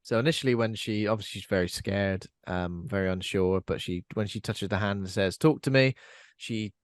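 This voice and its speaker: A man's voice: lowish voice, a little fast, clear, resonant tone, no room sound, clean studio sound. A man hosting a podcast, chatting casually about a horror film and asking his co-hosts questions. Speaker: podcast host.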